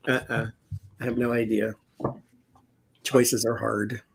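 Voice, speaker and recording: Guy telling jokey stories, laughs a lot, animated, faint noise behind. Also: mid-range voice, slow, vocal fry. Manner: animated, joking, frequent laughter. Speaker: tarot reader, guest. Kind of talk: casual chat.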